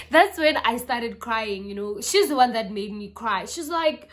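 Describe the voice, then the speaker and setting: A young South African woman with a South African accent, casually telling a personal story to her vlog viewers, chatty and animated. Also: on the high side, moderate pace. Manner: chatty, animated retelling with quoted voices and code-switching. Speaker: YouTuber.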